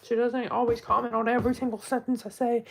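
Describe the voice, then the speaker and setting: A woman talking in a casual live stream monologue, soft-spoken and heartfelt, often trailing off and restarting her sentences. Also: fairly high pitch, level tone, fast, creaky, low-quality recording.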